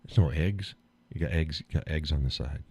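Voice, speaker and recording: Deep-voiced, chuckling stream host man. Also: normal speed, breathy edge. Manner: laughs often, animated and blunt, swears freely. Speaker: live stream show host. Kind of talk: casual chat reading viewer comments.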